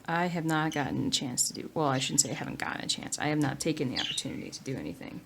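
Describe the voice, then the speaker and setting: A woman from the United States chatting casually at home while she stitches, rambling along and now and then dropping into soft whispers. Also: low-pitched, big pitch swings, very fast, vocal fry, hardly any pauses, slight background noise. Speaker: cross-stitch vlogger.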